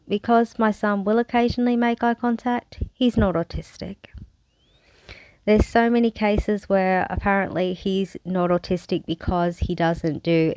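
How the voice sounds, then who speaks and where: An Australian woman speaks frankly and wryly to camera in a personal vlog. Her voice sits at a middle pitch, and the sound is dry and close. Sarcasm cuts through her storytelling now and then. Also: darkish tone, no echo, rough recording. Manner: frank and wry, with bursts of sarcasm. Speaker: vlogger.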